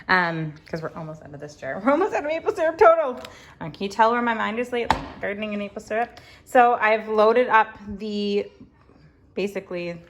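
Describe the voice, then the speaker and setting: A home cooking vlogger with a mid-range voice casually walks through a homemade recipe in her farm kitchen, making joking asides and saying "um" a lot. There's noise in the background.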